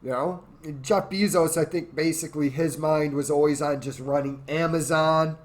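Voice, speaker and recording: A man's voice: fairly high pitch, fairly even intonation, normal speed. A tipsy man ranting in a crude, rambling, profane way as host of his own show. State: drunk. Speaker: podcast host. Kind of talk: drunken political rant.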